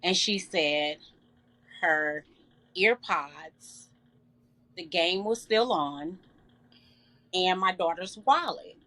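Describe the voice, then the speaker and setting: A middle-aged woman telling an emotional personal story in an interview, earnest and halting with many fillers. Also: lowish voice, bright, forceful tone. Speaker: guest.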